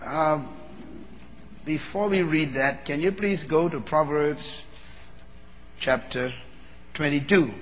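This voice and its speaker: Man, sermon, fervent preaching, fairly high voice, long hall reverb. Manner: builds from low, measured talk to loud, fervent preaching. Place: large hall.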